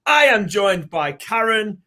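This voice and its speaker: A man's voice: sits high, sing-song, slow, pushed and bright. A British man with a somewhat raised voice hosts a live webinar. He talks in a chatty, rambling way and greets viewers one by one. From United Kingdom. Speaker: co-host and co-founder.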